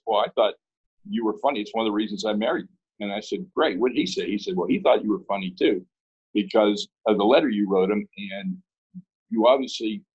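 A man's voice: fairly low pitch, darkish tone, breathy edge, lo-fi sound. A man from Pittsburgh, a guest in an interview, telling a story in a casual way and acting out both sides of the dialogue.

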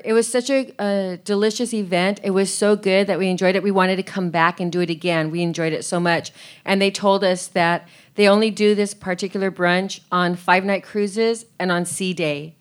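A woman chatting on a live podcast panel, talking warmly and laughing often. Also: medium pitch, steady tone, moderate pace, smooth. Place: theater on a cruise ship, live audience.

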